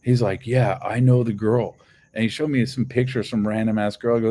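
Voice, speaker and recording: A man's voice: fairly low pitch, steady tone, brisk, warm tone. A man telling a story on a casual livestream, swearing heavily and rambling loosely with many restarts. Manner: profane, heated storytelling. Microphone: phone on livestream.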